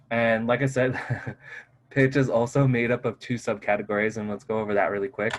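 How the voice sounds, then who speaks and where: A college instructor with a lowish, steady voice gives a casual recorded lecture at a moderate pace, speaking loosely and conversationally with many filler "like"s. He talks into his own personal microphone, and the recording is rough.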